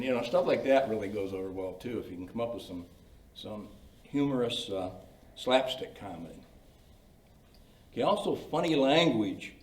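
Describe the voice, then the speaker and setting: A man's voice: on the low side, a little mellow. An older man leading a creative writing workshop, telling anecdotes in a folksy, chatty way with many "you know" fillers. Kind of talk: informal lecture with anecdotes. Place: library meeting room. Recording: roomy sound from a distant mic.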